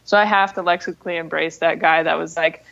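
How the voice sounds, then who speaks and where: A woman co-hosting a casual podcast, telling a bar anecdote in a relaxed way and laughing easily. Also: low-pitched, fairly quick, vocal fry, muffled recording. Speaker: podcast co-host. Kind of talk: casual chat.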